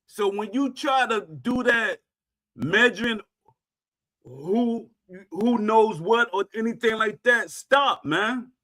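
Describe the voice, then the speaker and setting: A middle-aged man with a high, bright voice holds forth to his viewers in an unhurried rant. He repeats himself for emphasis and stamps each point down hard, like a host airing a grievance. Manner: emphatic, repetitive, punctuates claims with "Facts". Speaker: streamer host. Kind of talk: ranting monologue to viewers.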